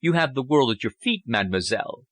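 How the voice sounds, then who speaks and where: A man's voice: medium pitch, lively intonation, fast, fairly bright tone, dry recording, close to an everyday voice. Man voicing a gloomy lovesick young officer. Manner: brooding, gloomy, earnest.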